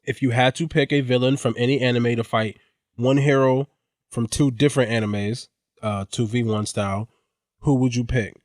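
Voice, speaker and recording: A man's voice: medium pitch, steady tone, moderate pace, a little mellow, dry recording, clean studio sound. A man co-hosting a podcast who reads listener questions aloud, joking and breaking into laughter. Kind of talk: casual podcast banter.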